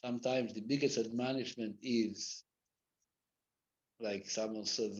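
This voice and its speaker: A man teaching a live Torah class as a rabbi, mixing Hebrew and Yiddish terms into English and swinging from loud acted rebukes to quiet asides. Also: fairly low pitch, steady tone, a little slow. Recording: dull lo-fi classroom recording.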